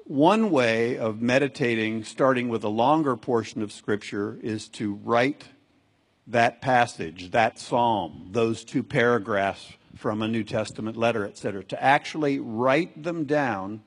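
A man's voice: medium pitch, unhurried, husky. A man preaching a sermon as a pastor, earnest and exhorting, repeating phrases for emphasis.

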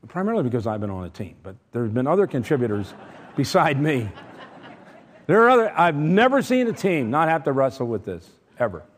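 A middle-aged man preaching a sermon, emphatic, shifting between loud stressed points and quiet asides. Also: medium pitch, big pitch swings, a little fast. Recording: long reverb from a large hall.

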